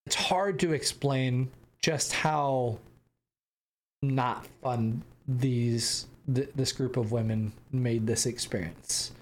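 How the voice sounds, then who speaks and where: A man's voice: medium pitch, slow. A young American man hosting a podcast, telling a travel story casually with rambling restarts and bursts of laughter. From United States. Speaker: podcast host.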